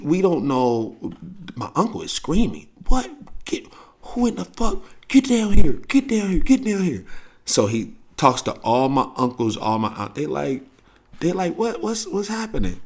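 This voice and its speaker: A man with a St. hosting a podcast, telling a family story in a loose, profane, casual way and acting out the quoted voices. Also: on the low side. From St. Louis, USA. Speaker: podcast host.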